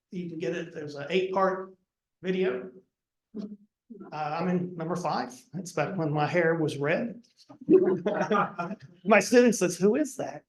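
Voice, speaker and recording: An older man giving a relaxed slide lecture to a club audience, with dry asides. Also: fairly high pitch, roomy sound. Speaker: guest lecturer.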